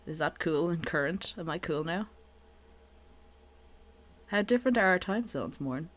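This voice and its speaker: Irish woman streamer, young adult, chatty and sweary, very lively pitch. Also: measured pace. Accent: Irish, Dublin. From Ireland. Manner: chatty, swears freely, laughs often. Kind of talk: casual live-stream chat.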